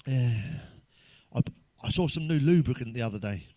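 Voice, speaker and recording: Here a middle-aged comedian speaks fast, in a dark, medium-pitched voice with lively intonation. His crude, sweary stand-up monologue rambles, and he chuckles at his own punchlines.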